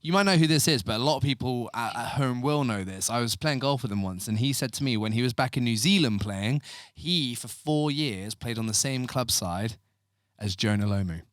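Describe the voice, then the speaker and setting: A man's voice: mid-range voice, animated, a little fast, no echo, clean studio sound. A man co-hosting a podcast, telling a chatty story with many restarts. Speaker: podcast co-host. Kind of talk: casual podcast chat. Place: podcast studio.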